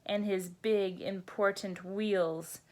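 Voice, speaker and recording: Casting: woman teacher reading a bedtime story to children, gentle, sing-song, very slow and unhurried. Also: medium pitch, steady tone. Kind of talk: children's storybook read-aloud.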